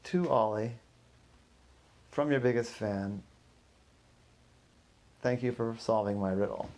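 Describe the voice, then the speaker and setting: A man telling a first-person story for a podcast in a slow, deliberate way, pausing between phrases. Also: mid-range voice, darkish tone.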